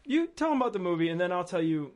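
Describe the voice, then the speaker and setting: A man's voice: high voice, sing-song, racing. A man co-hosting a movie podcast, teasing his friends and retelling a text exchange in casual chat. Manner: storytelling, teasing. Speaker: podcast co-host.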